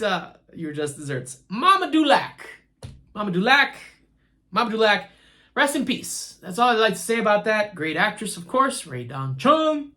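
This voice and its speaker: A woman giving casual commentary on a TV series, rambling and laughing, and talking straight to the characters as if they could hear her. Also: medium pitch. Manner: animated, talks straight to the characters; chatty, rambling, laughs easily. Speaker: TV show reviewer.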